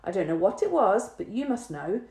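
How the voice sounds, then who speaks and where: A woman's voice: mid-range voice, very animated, moderate pace, warm tone, lightly acted. Woman doing a stubborn curious little boy. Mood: earnest. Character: curious, stubborn young schoolboy. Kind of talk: storybook reading. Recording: roomy echo.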